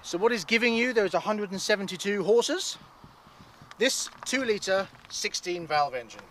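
A car reviewer hosts a light-hearted vlog, speaking in a high, animated voice at a slightly slow pace. He's outdoors beside the cars and behind the wheel while driving, recorded on a distant mic with loud traffic and road noise.

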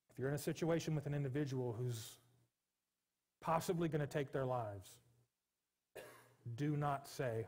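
A man in his forties preaching a sermon as pastor in a church, earnest and pleading, with bursts of animated humor. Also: mid-range voice, normal speed, long pauses. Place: church sanctuary.

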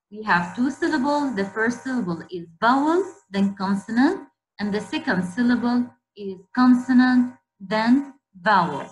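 Slow, repetitive woman teacher. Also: fairly high pitch, poor audio. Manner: slow, repeats each word, asks questions to the class. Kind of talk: online spelling lesson.

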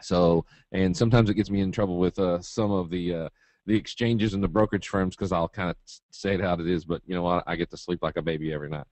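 A man's voice: low-pitched, steady tone, fast talker, darkish tone, no echo. A man from Eastern Kentucky with a Southern drawl, presenting a live trading webinar in a folksy, joking, straight-talking way.

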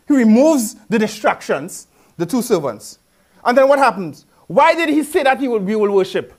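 A man delivers a lively, conversational sermon at a moderate pace, his voice sitting high. He leans on rhetorical questions, repetition and humorous asides in local speech.

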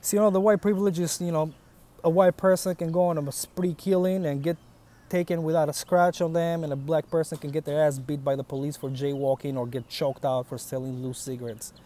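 This man's voice sits on the high side, level and brisk with a warm tone. He's a vlogger in his thirties with a foreign accent, speaking to camera in a casual, blunt way and cursing through his storytelling.

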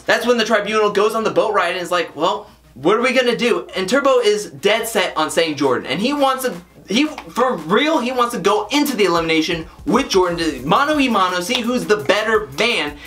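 Opinionated man recapping a reality show. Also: sits high. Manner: animated, emphatic and critical.

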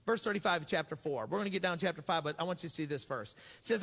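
High-voiced joking preacher man. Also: rapid-fire, few pauses, pushed and bright, breathy edge, in a large hall. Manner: storytelling, joking, acts out voices. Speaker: pastor. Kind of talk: sermon.

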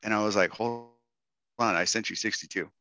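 A man's voice: lowish voice, a little fast, bright, forceful tone, dry recording. A middle-aged man from Texas, telling a story to a workshop audience and acting out the quotes in raised voices. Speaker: guest speaker.

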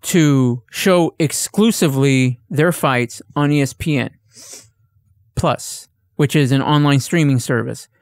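A man's voice: mid-range voice, slow pace, dry recording, clean studio sound. A man on a casual podcast, ranting and swearing as he tells a story and acts out exchanges in a raised voice. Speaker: podcast co-host. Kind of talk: casual chat.

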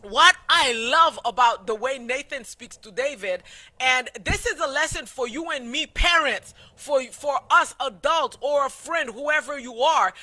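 A man's voice: very high voice, bright, forceful tone. A man teaching a Sabbath School Bible lesson in a loose, preachy way, with many fillers and restarts.

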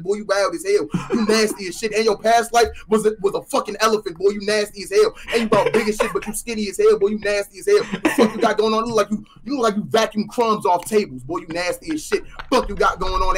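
Young man, high voice, bright tone, loud mocking roast, repetitive taunts. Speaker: roast contestant. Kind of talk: rapid-fire roast.

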